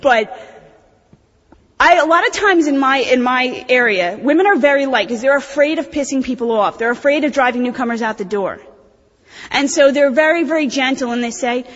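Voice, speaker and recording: A woman, giving a blunt, animated, profane recovery talk at a convention. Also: high-pitched, fairly quick. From New Jersey. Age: 30s. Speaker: AA convention speaker. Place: convention hall. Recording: dull recording in reverberant hall.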